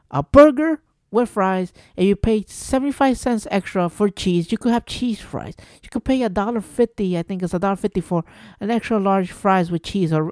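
Ranting on his own podcast, a host from New Jersey, USA, gets exasperated and profane, tossing out one rhetorical question after another. His voice sits high with a darkish tone, captured in a dry, clean studio recording.

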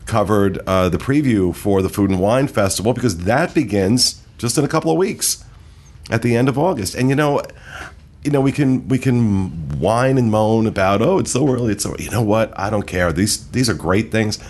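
A man with a very low voice hosts a casual podcast chat. He rambles enthusiastically and fills his sentences with ums and restarts. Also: lively intonation, normal speed, darkish tone. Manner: rambling, enthusiastic, many fillers. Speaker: podcast host.

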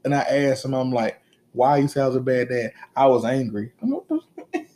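A man in his thirties co-hosting a casual podcast chat, telling animated, teasing stories about his kids with plenty of profanity. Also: mid-range voice, a little fast. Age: 30s. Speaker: podcast co-host.

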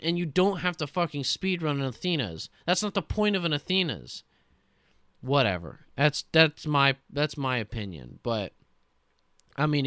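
A man ranting excitedly on a casual gaming podcast, swearing often. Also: fairly high pitch, smooth, no room sound, clean studio sound. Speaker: podcast co-host.

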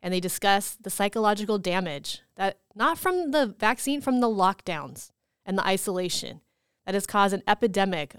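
A woman's voice: medium pitch, smooth, dry recording, studio quality. Earnest woman podcaster from California. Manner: earnest, measured, many fillers. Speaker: podcast co-host. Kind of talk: casual chat.

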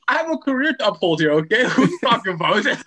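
A young man with a high, bouncy, slightly husky voice, joking fast and mocking himself in casual podcast chat. The sound is dry and close. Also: sing-song, sharp tone, no room sound. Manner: playful, self-mocking, laughing. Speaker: podcast co-host.

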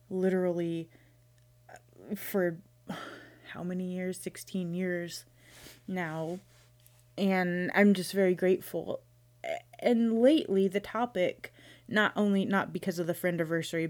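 A woman's voice: lowish voice, a little mellow. A woman in her thirties hosting her own podcast, chatting casually and playfully, rambling with restarts. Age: 30s. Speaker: podcast host. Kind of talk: casual solo podcast chat.

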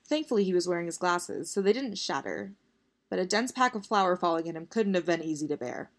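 Woman reading a story, slightly low voice. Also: expressive, fairly quick. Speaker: narrator.

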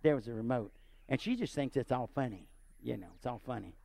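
A man preaching and telling a personal story, animated and often checking in with his listeners. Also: medium pitch, brisk, vocal fry, dry recording. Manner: animated, asks the audience often. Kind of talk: sermon storytelling.

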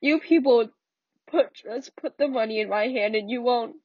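A man's voice: very high-pitched, normal speed, no echo, far from the mic. A woman reading the part of a bitter, defeated grown son who mocks his own ruin in sarcastic bursts, on a slightly muffled recording. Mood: bitter mocking.

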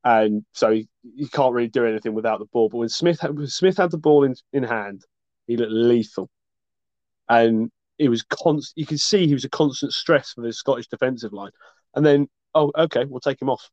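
A man's voice: mid-range voice, moderate pace, a little mellow, dry recording. A man co-hosting a casual sports chat, talking with passion and swearing freely. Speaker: podcast co-host. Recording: dull lo-fi dry recording.

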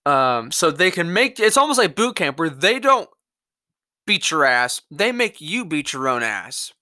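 Sing-song and on the high side, his pushed, bright voice moves a little slowly as this young Mississippi-accented podcast host rants angrily about politics. He swears a lot and rambles with restarts, in clean studio sound with no echo.

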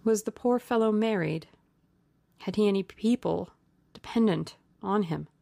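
A woman voicing a young English gentleman who talks languidly, then sharply and urgently. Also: medium pitch, unhurried, creaky, no echo, pitched above the performer's own voice.

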